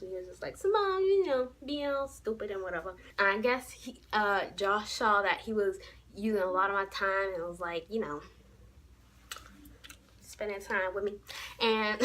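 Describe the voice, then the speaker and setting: A young woman tells a story straight to her viewers, sassy and animated. Her voice sits at an ordinary middle pitch, with a faint hum of room ambience behind her. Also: rough recording. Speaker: vlogger. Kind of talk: casual story time.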